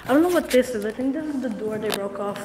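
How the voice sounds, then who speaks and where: A young woman records a casual travel vlog as she walks outdoors, talking quickly and excitedly to the camera in her hand. Her voice sits a little high, and she keeps dropping in "like" and "guys". The camera audio is noisy and catches the outdoor wind. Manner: chatty, excitable, lots of "like" and "guys". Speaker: vlogger. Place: outdoors on a hot hillside and beach. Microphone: handheld camera.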